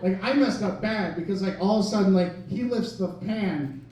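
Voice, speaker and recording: A man's voice: high-pitched, moderate pace, dark tone. A young man from Wisconsin doing stand-up, telling a rambling, self-mocking story full of "like" fillers. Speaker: stand-up comedian. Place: comedy club stage. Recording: echoey club mic from a distance. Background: audience laughter.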